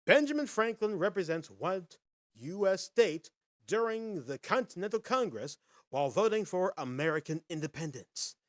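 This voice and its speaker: A man hosting a casual live podcast, chatting with viewers in a folksy, animated way and reading quiz questions. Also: high voice, normal speed. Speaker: podcast host.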